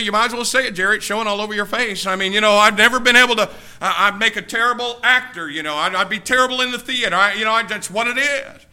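High, bright fiery preacher man. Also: fast, hardly any pauses. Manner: emphatic, preaching with rising shouts and sudden hushed passages. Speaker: pastor. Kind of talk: fiery sermon.

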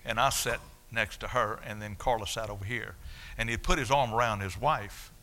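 An older man preaching his testimony in a folksy, animated storytelling way. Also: lowish voice, moderate pace. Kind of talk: sermon testimony.

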